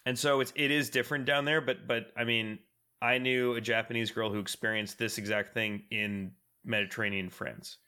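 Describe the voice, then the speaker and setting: A man co-hosts a podcast, chatting casually and rambling with many fillers and restarts. His mid-range voice sounds pushed and bright, with fairly even intonation and normal speed.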